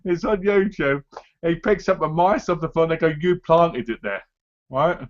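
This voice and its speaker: Over dull, lo-fi stream audio with background noise, a man hosts a relaxed live chat, acting out what others said as he talks. He has a fairly high pitch and speaks at normal speed.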